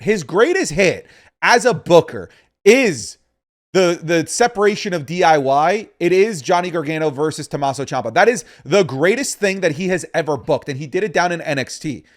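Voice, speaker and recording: A man co-hosting a casual wrestling podcast, with a somewhat high voice. He lays out his takes in a steady, opinionated way. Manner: opinionated, steady, breaks into laughs. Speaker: podcast co-host.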